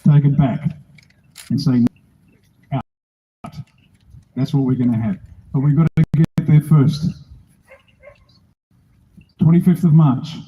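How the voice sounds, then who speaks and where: A man's voice: mid-range voice, a little slow, pauses often, warm tone, slight background noise, rough recording. Blunt older Australian man, rally speech. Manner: blunt, rousing, jokey. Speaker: political speaker at a rally.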